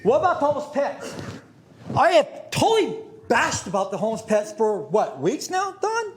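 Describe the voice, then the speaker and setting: A man giving an agitated, rambling public comment at a county board meeting, swinging from muttering to shouting. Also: very high voice, wildly swooping pitch, moderate pace, slightly rough.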